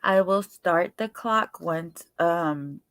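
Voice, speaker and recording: Slow-talking tired woman host. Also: fairly low pitch, fairly bright tone, dry recording. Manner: greets chatters by name, chatty and unhurried. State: tired, yawning. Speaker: livestream host. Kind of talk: casual live chat with viewers.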